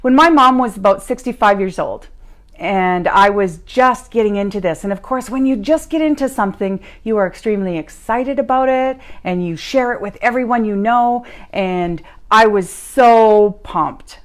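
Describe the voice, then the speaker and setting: A woman's voice: medium pitch, moderate pace. Upbeat woman giving a motivational talk. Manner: upbeat, repeats key phrases for emphasis. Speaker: podcast host and life coach. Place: live stream recorded at home.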